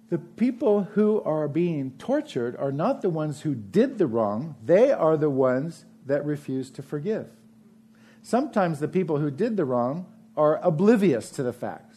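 A man preaching a sermon, retelling a parable with lively acted-out voices. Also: medium pitch. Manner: animated storytelling, acts out parable voices. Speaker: pastor.

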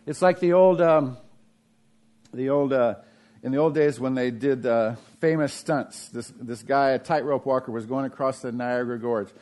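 A middle-aged man preaching a conversational sermon, asking the congregation questions and swinging between raised emphasis and quiet, low asides. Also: fairly even intonation, normal speed. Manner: conversational preaching with frequent restarts and rhetorical questions. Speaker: pastor.

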